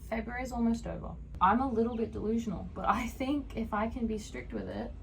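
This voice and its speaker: A young woman vlogging in a chatty, self-mocking way, full of "like" and quick asides. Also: a little high, gravelly, a little hiss or hum. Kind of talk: casual vlog chat.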